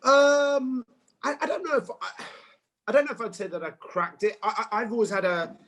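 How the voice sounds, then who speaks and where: A man's voice: sits high, normal speed, poor audio. A man in his forties from England, a guest in a casual interview, telling stories with animation and acting out quotes. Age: 40s. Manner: animated storyteller, acts out quotes. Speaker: actor and guest.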